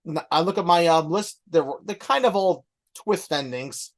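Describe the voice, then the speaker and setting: Middle-aged male co-host, halting, relaxed delivery. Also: fairly high pitch. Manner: hesitant, many ums and restarts. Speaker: podcast co-host. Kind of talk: casual chat.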